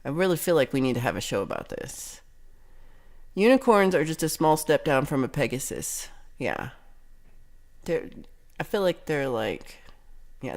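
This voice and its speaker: A woman's voice: low voice, big pitch swings, moderate pace, pauses often. A woman hosting a casual livestream chat, reading viewer comments aloud and reacting with giggles and chatty asides. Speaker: livestream host.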